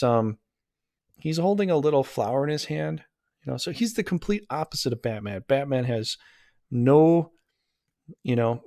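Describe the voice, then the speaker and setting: A man giving a casual tarot reading speaks in a mid-pitched, darkish voice, recorded close and dry with no room sound. He rambles and talks himself in circles, laughing at his own bad luck, self-deprecating and easily flustered.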